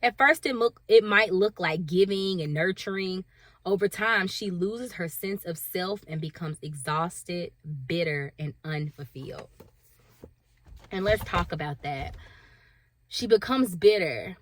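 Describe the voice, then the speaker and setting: A woman's voice: on the low side, measured pace, dry recording. Earnest, candid woman vlogger, dry sound. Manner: earnest and emotional, laughs at herself, acts out inner voices. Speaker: stay-at-home mom vlogger. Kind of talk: candid confessional talk to camera.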